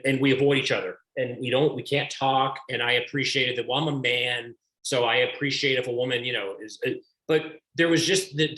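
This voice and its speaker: A man's voice: mid-range voice, sharp tone. A man hosting an author talk over a video call, asking questions in a rambling way with many restarts. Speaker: host of an author series. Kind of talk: interview questions. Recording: roomy echo.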